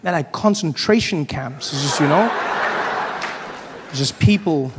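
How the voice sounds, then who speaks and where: A man from South Africa performing a stand-up comedy routine, telling stories in an animated way and acting out other people's voices. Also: a little high, a little slow, in a large hall. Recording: live stand-up with audience and venue noise.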